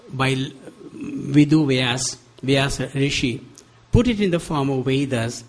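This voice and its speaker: An older man with an Indian accent, giving a spiritual talk at a devotional center, animated and laughing often as he acts out quoted dialogue. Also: medium pitch. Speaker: guest speaker.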